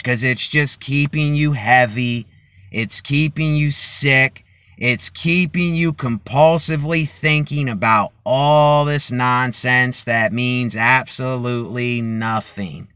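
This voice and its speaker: A man delivers a motivational vlog monologue into a cheap phone in his car. His voice sits a touch high and sounds bright and forceful, and he projects every word as if addressing a crowd. The sound is dry and close, and his pace is very slow and measured. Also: smooth, no room sound. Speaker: vlogger. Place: inside a car.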